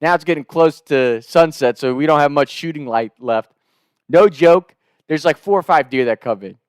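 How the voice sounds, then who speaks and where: A man's voice: a little high, moderate pace, smooth, no room sound, studio quality. A man casually telling a comic story, rambling and profane, laughing between his lines.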